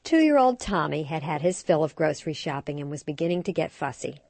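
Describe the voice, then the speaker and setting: A woman co-hosting a parenting show, reading a scripted story with expressive storytelling. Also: low-pitched, a little fast. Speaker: radio show co-host. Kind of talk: scripted narration.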